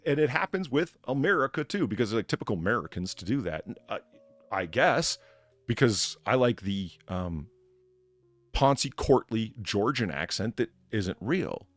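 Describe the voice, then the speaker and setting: A man with a gravelly, rather low voice hosts a casual live stream and chats with his guests. His talk rambles and is full of restarts, and his pitch swings widely. Faint music plays behind him. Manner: rambling, animated, many restarts. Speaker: streamer host playing bartender.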